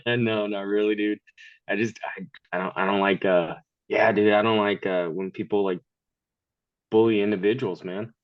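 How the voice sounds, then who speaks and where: A man's voice: lowish voice, a little slow, long pauses, dry recording, lo-fi sound. A man in his thirties, a podcast guest, chatting casually in a blunt, profane way and laughing often. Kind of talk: casual chat.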